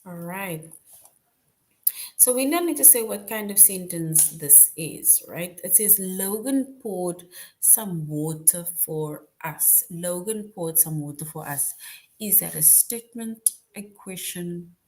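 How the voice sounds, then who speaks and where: Her fairly low, darkish voice is expressive and measured as she walks young children through grammar. Patient and repetitive, she frequently asks "right?" to check they're following.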